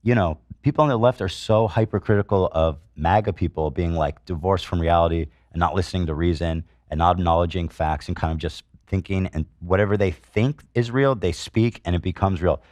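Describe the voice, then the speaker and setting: Male podcast host, middle-aged, heated and sarcastic commentary, deep voice, dry studio sound. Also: a little fast, hardly any pauses, darkish tone, no echo. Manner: indignant, swears, reads comments aloud with sarcasm.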